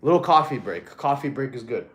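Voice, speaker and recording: A man's voice: medium pitch, expressive, a little fast, a bit bright. Easygoing male streamer in an echoey room. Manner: laid-back slangy talk, calls viewers bro. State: out of breath while counting push-ups. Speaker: fitness livestreamer. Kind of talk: casual livestream chat.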